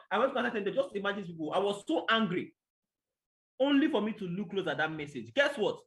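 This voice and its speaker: Male speaker, high, quick and bright, animated testimony storyteller. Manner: animated storytelling, acting out exchanges with God. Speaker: motivational speaker. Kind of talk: testimony talk to an audience.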